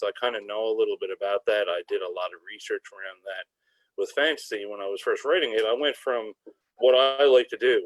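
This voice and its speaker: A man's voice: on the low side, dry recording, low-quality recording. A man, an author, reading from his fantasy novel and then answering questions with frequent ums over a video call. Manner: hesitant with many ums when speaking freely.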